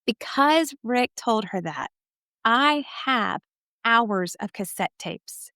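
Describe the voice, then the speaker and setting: A woman's voice: fairly high pitch, expressive, takes it slowly, sharp tone, no room sound, studio quality. A woman from Texas, a podcast guest telling her life story in an earnest, emphatic way. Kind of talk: personal testimony storytelling.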